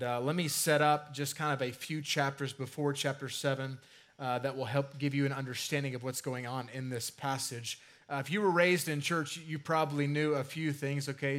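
A man's voice: medium pitch, fairly bright tone. A man preaching a sermon in a casual, conversational way, with asides and filler words. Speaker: pastor.

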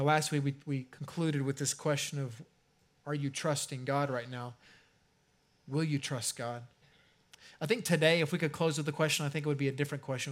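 Guy pastor giving a sermon, kinda high voice, chatty, drags out the big words then goes quiet. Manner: conversational preaching, slows down to stress key phrases, trails off softly.

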